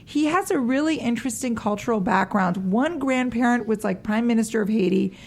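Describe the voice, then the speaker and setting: A woman's voice: a little high, a little fast, gravelly, a little mellow. A woman, an actress guest on a radio interview show, chatting casually, laughing often and using lots of "like" and "you know".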